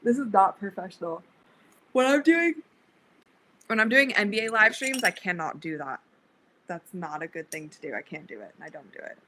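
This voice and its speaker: A woman's voice: mid-range voice, very animated, normal speed, pushed and bright, slight background noise, low-quality recording. A young woman hosting a casual livestream, chatting with viewers, reading their comments aloud and laughing often, a bit sleepy. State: sleepy, yawning. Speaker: livestream host.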